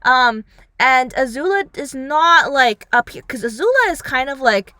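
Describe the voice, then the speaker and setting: A woman's voice: high-pitched, unhurried, dry recording, studio quality. A young woman vlogger reviewing a series in a rambling casual chat, full of "like" and "um", acting out lines as she goes. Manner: rambling, heavy on fillers like "like" and "um"; animated, acts out characters' lines.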